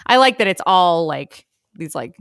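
A young adult woman co-hosting a podcast, chatting casually with lots of fillers and quick impressions of people. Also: on the low side, animated, fairly bright tone, no room sound, clean studio sound. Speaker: podcast co-host. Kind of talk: casual chat.

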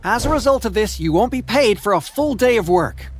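A performer voicing a smug, cruel male company director who mocks his worker in an animated story. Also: mid-range voice, brisk, close to an everyday voice. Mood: mocking. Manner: mocking and petty.

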